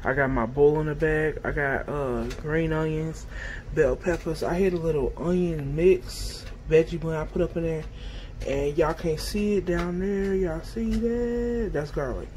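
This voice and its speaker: A woman's voice: sits low, darkish tone, a little hiss or hum. A woman vlogger chatting casually to her viewers while cooking in her home kitchen. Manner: chatty, talks straight to viewers, playful. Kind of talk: casual cooking chat to camera.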